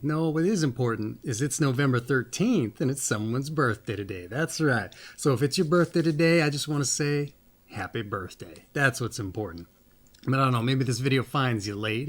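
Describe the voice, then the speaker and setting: A man with a voice of middling pitch hosts a loose, meandering monologue. He jokes with the listener and circles back to a folksy catchphrase. Between the asides he reads passages aloud from a book. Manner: rambling, folksy, often says "that's right"; playful, jokey asides. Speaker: host of a birthday reading channel.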